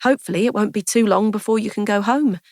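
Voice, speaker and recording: A woman reading a story, voicing a kind, impulsive young woman who speaks in a lively, affectionate way. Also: medium pitch, fast, no echo, studio quality, close to an everyday voice. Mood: warm.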